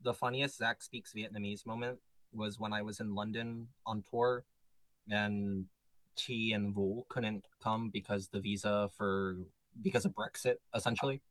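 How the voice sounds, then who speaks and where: Laughing, animated man in a band interview. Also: a little slow, no echo, poor audio. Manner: animated, laughs often, jumps into high exclamations. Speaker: band member. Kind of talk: casual interview chat.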